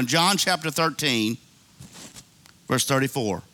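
Male preacher, bright and slightly high-pitched, folksy sermon with call-and-response. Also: animated, measured pace. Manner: preaching with call-and-response and playful asides, acting out prayers; folksy colloquial speech. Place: church sanctuary.

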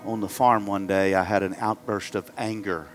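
A middle-aged male pastor preaching to his congregation, moving from loud fervent exhortation to hushed, halting storytelling. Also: lowish voice, flat delivery, soft background music. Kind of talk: sermon. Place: church sanctuary before a congregation.

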